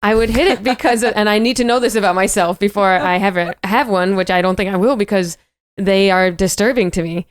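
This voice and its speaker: Woman, young adult, podcast host, blunt, profane, joking, smooth voice. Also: medium pitch, a little fast. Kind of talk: casual chat.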